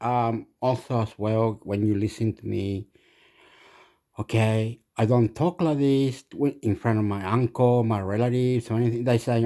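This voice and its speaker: A man's voice: mid-range voice, steady tone, measured pace, warm tone. A man telling crude, rambling comic stories as a vlogger. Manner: rambling, crude, many fillers and restarts.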